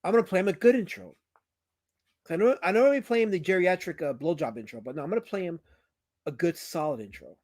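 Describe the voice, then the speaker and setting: Male livestream host, casual banter, teasing, somewhat high voice, very lively pitch, loud outbursts. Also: quick pace, dry recording. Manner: animated, teasing, swings between loud outbursts and mumbling.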